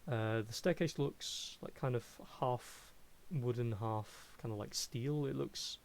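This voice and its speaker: A man running a tabletop game as game master, narrating a scene in a halting way with many fillers. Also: medium pitch.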